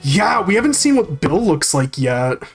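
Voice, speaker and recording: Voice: mid-range voice, big pitch swings, normal speed, gravelly, breathy edge, faint music behind. A game streamer chatting casually while playing, rambling and swearing freely as they read and answer chat.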